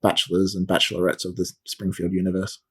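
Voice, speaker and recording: A man's voice: low voice, completely flat delivery, fast talker, slightly rough. A man co-hosting a podcast in casual, rambling chat full of fillers. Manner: chatty, rambling with many fillers. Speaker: podcast co-host.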